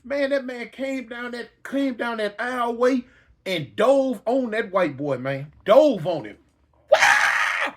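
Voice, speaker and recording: A man telling a personal story dramatically, acting out yells and reactions. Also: very high-pitched, animated, a little slow. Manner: dramatic, acts out yells and voices, slangy.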